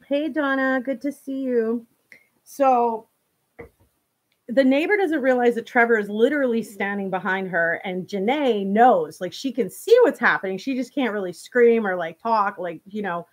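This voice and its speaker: A woman's voice: mid-range voice, normal speed. A woman hosting a show, casually retelling a true-crime story to her viewers, full of "you know" and restarts. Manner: talks straight to viewers. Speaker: host.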